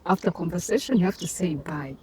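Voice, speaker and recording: A woman student guest in a casual interview, speaking haltingly with many restarts and frequent laughter. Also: mid-range voice. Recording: noisy background.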